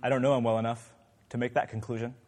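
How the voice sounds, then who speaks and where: A man's voice: mid-range voice, level tone, fast, a little mellow, in a large hall. A man leading an interactive Bible class, asking the group many questions in a conversational way. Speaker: Bible study teacher.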